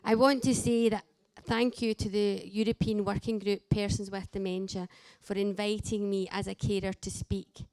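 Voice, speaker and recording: A woman's voice: medium pitch, little pitch movement, moderate pace, hardly any pauses, a little mellow, no room sound. A woman speaking as a carer at a conference, direct and earnest. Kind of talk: conference talk.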